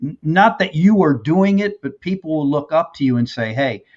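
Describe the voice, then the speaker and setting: A man hosting an interview, sharing his view in a reflective, measured way. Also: fairly high pitch, lively intonation, darkish tone. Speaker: interview host. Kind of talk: casual interview talk. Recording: dull, lo-fi audio.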